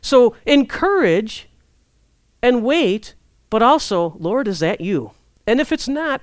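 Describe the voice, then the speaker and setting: A woman preaching a sermon in a conversational, lively way, acting out prayers and inner thoughts. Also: a little high, slow, dry recording.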